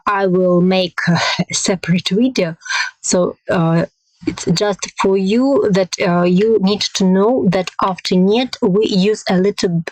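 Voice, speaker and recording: A woman teaching a language lesson, hesitating with many fillers and modelling example phrases slowly and carefully. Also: mid-range voice, dry recording, low-quality recording.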